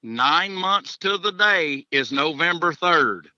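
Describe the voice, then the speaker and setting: A man's voice: a little high, expressive, takes it slowly, pushed and bright, dry recording, dull audio. A man, a hunter chatting as a podcast guest in a folksy, joking way, chuckling between answers. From Tennessee, USA. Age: 40s. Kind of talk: casual podcast interview.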